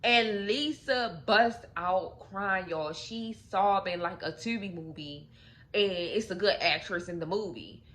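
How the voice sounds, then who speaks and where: A young woman with a bright, sharp-edged voice spins a story-time tale in a loose, chatty way. She keeps dropping in "like" and talks straight to her viewers as if gossiping with friends. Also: medium pitch, unhurried. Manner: chatty, loose, lots of "like" fillers, addresses viewers as y'all. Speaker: storytelling channel host. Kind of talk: casual story-time retelling.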